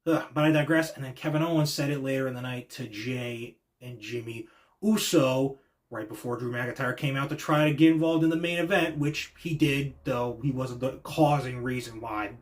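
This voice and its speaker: Male show host, slightly high voice, casual reaction talk, excitable and slangy, drops quiet then gets loud. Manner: excitable and slangy, swings between hushed and loud.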